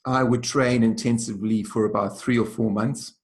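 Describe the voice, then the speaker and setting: A man from South Africa, a traditional healer as guest, telling stories in a gentle, measured way that often slows and softens. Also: medium pitch, fairly even intonation. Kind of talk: reflective storytelling interview.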